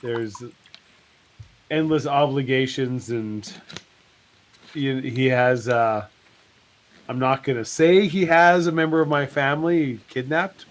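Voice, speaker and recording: Slow, rambling jokey man. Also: medium pitch, slight background noise. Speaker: co-host. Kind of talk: casual live-stream chat.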